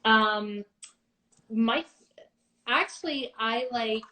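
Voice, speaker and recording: A woman's voice: a little high, very slow, sharp tone, rough recording. A middle-aged woman chatting candidly as a guest about being a mother, reflective and a little wry. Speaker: guest, mother of two daughters. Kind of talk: casual livestream chat.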